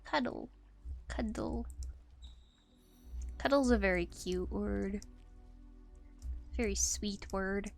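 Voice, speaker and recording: A woman's voice: mid-range voice, slow, creaky, pauses often, soft background music. A young woman streaming live, chatting casually with her viewers, giggling often and teasing them playfully.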